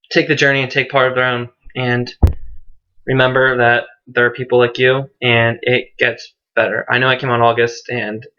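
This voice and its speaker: A teenage boy vlogger telling his coming-out story to the camera, animated and earnest, jumping his pitch up high for quoted voices. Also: highs cut off. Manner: earnest and tender when encouraging viewers.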